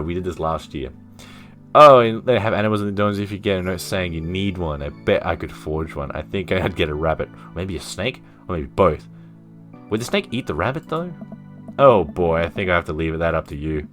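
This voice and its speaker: A man's voice: low-pitched, animated, moderate pace, fairly bright tone, soft background music. A man streaming a dating game, reading its dialogue aloud with playful, self-mocking asides. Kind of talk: casual let's-play commentary, reading dialogue aloud.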